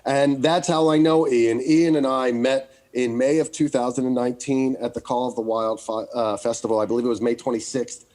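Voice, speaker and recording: A man's voice: medium pitch, little pitch movement, a little fast, hardly any pauses, a little mellow. An American man co-hosting a podcast, chatting casually and telling rambling, jokey stories. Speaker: podcast co-host. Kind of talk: casual chat.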